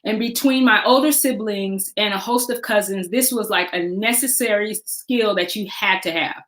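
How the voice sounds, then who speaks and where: A woman in her forties telling a personal story in a lively way, laughing and acting out the voices of the people she quotes. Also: mid-range voice, normal speed. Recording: echoey room.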